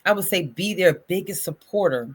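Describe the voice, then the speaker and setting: A middle-aged woman, a parent of athletes, answering interview questions in an animated way and acting out quoted voices. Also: fairly low pitch, moderate pace, husky.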